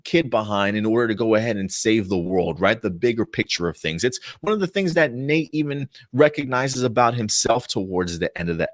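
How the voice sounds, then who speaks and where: A man hosting a casual show review, talking in an animated, chatty and frank way. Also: fairly low pitch, no echo, studio quality.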